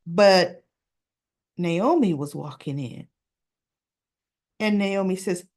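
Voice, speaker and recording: A woman hosting a soap opera recap, retelling the episode in a casual chat and acting out the characters' lines in a higher voice. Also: slow, long pauses. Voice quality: acts out characters' lines in a higher voice, chatty and animated.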